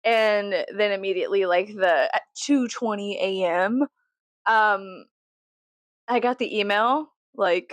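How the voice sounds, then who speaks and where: A young woman from Texas talks straight to camera in a loose, rambling vlog, swearing freely and joking as she goes. Her voice sits at an ordinary middle pitch, and the sound is close and dry with no room around it. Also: slow pace, dry recording. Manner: profane, chatty, jokey. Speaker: vlogger. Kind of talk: casual rambling monologue.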